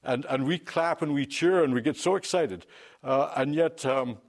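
A man's voice: fairly high pitch, normal speed, vocal fry. A man preaching an unscripted sermon, emphatic, with fillers and restarts.

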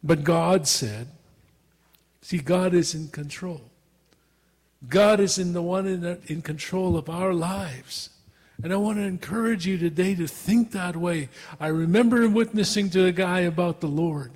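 A man's voice: high voice, measured pace, a little mellow. A man preaching a sermon with earnest, repeated rhetorical questions, in a church hall. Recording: long reverb of a hall.

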